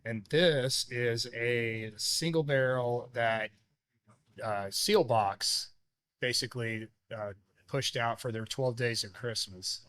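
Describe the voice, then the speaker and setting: A man co-hosting a casual podcast, talking in a relaxed, rambling way with many pauses. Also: mid-range voice, no echo. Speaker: podcast co-host. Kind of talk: casual chat.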